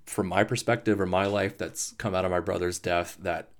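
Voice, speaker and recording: A man hosting a podcast, talking through grief in a halting, emotional monologue, swearing and restarting often. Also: low voice, steady tone. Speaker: podcast host. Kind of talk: personal reflective monologue.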